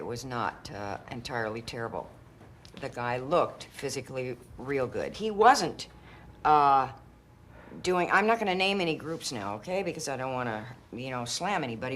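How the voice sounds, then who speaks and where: Woman interviewee, deep voice, blunt, candid storyteller. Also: a bit bright, a little hiss or hum. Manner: blunt, frank and joking.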